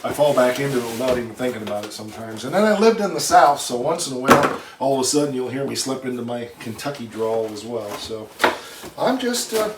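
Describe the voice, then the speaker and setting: Folksy man in an echoey shop. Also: mid-range voice. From northern Michigan. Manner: folksy, rambling, chatty. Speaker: shop owner and channel host. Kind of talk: casual chat while unboxing. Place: shop or barn workshop. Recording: echoey shop, mic at a distance, noisy.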